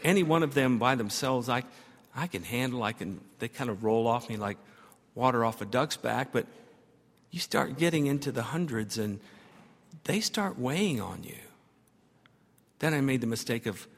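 A man's voice: mid-range voice, lively intonation, moderate pace, pauses often. Pastor guy preaching, tells a story then builds up big repeated lines, church reverb all around. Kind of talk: sermon. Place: church sanctuary.

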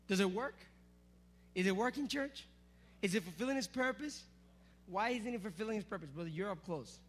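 A man preaching to a youth group, energetic and teasing, calling out to the crowd. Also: high voice, fairly quick, faint music behind. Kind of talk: sermon with object lesson.

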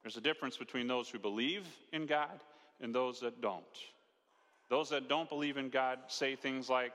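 A male pastor preaches conversationally, posing rhetorical questions and acting out quotes. His voice sits at medium pitch with a slightly bright quality and normal speed, and a long hall reverb surrounds it.

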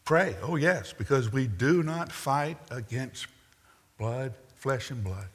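A man's voice: medium pitch, expressive, takes it slowly, slightly rough. A man preaching a sermon, telling the story with wry asides and acting out the quotes. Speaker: pastor. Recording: long reverb in a large hall.

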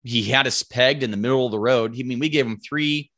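A man guesting on a podcast, telling a hunting story in a casual, animated way, acting out what people said and swearing freely. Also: medium pitch, fast talker. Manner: animated, acts out quoted lines, swears casually. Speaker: podcast guest, bow hunter.

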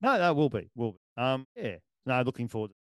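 A man's voice: mid-range voice, very animated, brisk, no echo, studio quality. An Australian man co-hosting a casual sports podcast, rambling and chuckling as he trails off mid-thought. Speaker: podcast co-host.

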